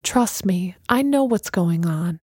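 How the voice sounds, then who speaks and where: A woman voicing a calm, mystical woman who speaks in a serene, knowing, unhurried way. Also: lowish voice, breathy edge, dry recording, clean studio sound, heavily acted.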